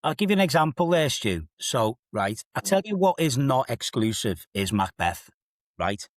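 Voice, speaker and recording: A man's voice: mid-range voice, very animated, moderate pace, no echo, studio quality. A man in his fifties with a Liverpool accent, an assistant head teacher telling stories with emphatic, rhetorical asides in a podcast discussion. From England.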